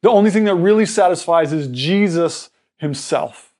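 A man delivers a sermon in a notably high voice. He speaks earnestly and explains patiently. He often trips over and restarts his words. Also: lively intonation, moderate pace, a little mellow. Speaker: pastor.

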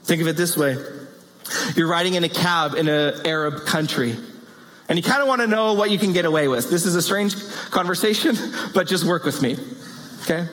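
A man preaching a sermon in an animated way, with playful asides and rising exclamations. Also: high voice. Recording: long hall reverb.

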